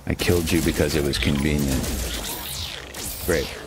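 A man's voice: a bass voice, steady tone, normal speed, over music. A man hosting his own gaming channel, giving casual, chatty commentary over his play, talking to his character and poking fun at himself. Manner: chatty, self-mocking, talks to his character. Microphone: headset.

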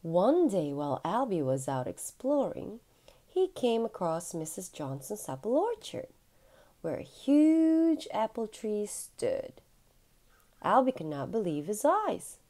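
A mother reads a children's storybook aloud, stretching out words in a sing-song delivery. Her pitch leaps around with lively expression from a middle register. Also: slow. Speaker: mother reading to her son.

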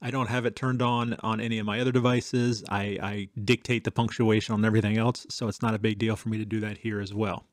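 A man's voice: fairly low pitch, flat delivery, fast, few pauses, no echo. Man, tech channel host, chatty casual demo, dry close sound. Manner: conversational, chatty, with fillers.

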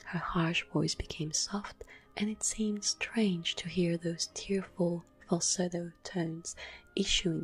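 A woman reading a classic story aloud in a slow, hushed ASMR whisper. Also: on the low side. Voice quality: breathy whisper. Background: soft classical music.

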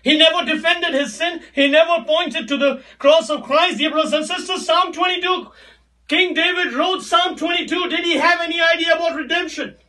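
Very high-voiced impassioned male preacher. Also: normal speed, recorded from a distance. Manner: impassioned, often shouting, repeats phrases. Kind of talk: sermon.

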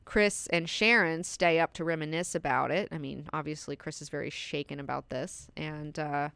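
Woman host, young adult, casual book-club recap, swears freely, smooth voice, dry close sound. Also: low voice, moderate pace, no room sound. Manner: profane, animated retelling with fillers. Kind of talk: casual book discussion lesson.

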